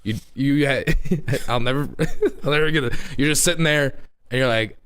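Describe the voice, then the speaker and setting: A man's voice: mid-range voice, moderate pace, fairly bright tone, clean tone. A man hosting a casual podcast chat, laughing often and chiming in with agreement. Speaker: podcast host.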